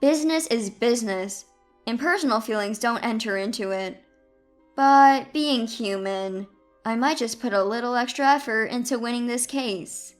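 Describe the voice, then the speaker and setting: Woman reading Daniel, calm confident lawyer. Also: on the high side, moderate pace, soft background music, lightly acted. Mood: firm. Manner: calm, amiable, firm.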